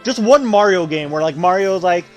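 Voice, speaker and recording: A man streaming a video game, giving casual commentary full of swearing and animated rants. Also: high-pitched, normal speed, soft background music.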